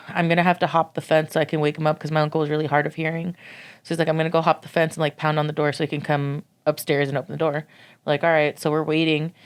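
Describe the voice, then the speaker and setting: Low-voiced woman telling a story. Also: smooth. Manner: swears freely, lots of "like" fillers. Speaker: podcast co-host. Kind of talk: casual storytelling chat.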